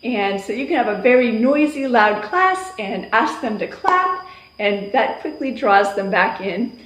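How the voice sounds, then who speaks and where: A woman teacher explaining classroom attention getters in a calm voice, breaking into loud sing-song calls to her class. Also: a little high, unhurried. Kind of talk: instructional talk on classroom routines. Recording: echoey room.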